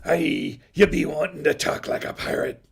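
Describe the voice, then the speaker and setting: Booming, gravelly pirate growl, as a man puts it on, bellowed out with a hearty swagger. The voice sits a touch high for a man and carries a rough, crackly edge. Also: steady tone, moderate pace, heavily acted. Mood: boisterous. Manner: loud growling pirate exclamations. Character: hearty stock male pirate.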